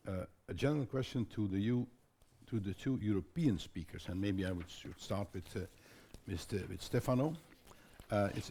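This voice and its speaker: An older man moderating a conference panel in a halting way, with frequent fillers and restarts. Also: low-pitched, darkish tone, slight background noise.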